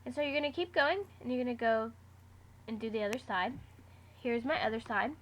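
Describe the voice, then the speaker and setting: A woman's voice: fairly high pitch, a little fast, fairly bright tone. Chatty woman explaining a craft project. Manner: chatty, step-by-step instructions with fillers. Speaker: craft vlogger. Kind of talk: casual how-to tutorial.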